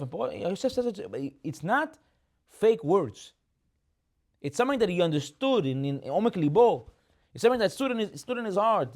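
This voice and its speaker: A young man giving a lively Torah class, laughing often and dropping Hebrew terms into his English. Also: high voice. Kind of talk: lively sermon on the weekly portion.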